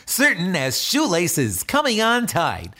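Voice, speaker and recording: Guy playing a bouncy talking backpack buddy, slow and chuckly, voice leaps all over the place. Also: wildly swooping pitch, pushed and bright, heavily acted. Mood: cheerful. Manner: rhyming, bouncy, chuckling, sudden swoops in pitch. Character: cheerful talking flying backpack, playful and kind. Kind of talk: children's audio drama.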